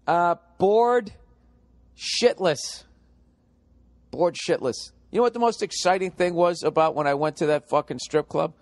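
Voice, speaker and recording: Profane ranting man, higher voice. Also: measured pace, dry recording. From United States. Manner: profane, ranting, animated storytelling. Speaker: podcast host. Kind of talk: comic podcast monologue.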